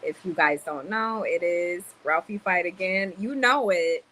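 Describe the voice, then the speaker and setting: A woman with Cuban roots hosts a casual livestream inside a store in the Dominican Republic, speaking a little slowly in a fairly low voice. She animatedly reads comments aloud and blends in Spanish words; the rough recording has a faint hiss or hum.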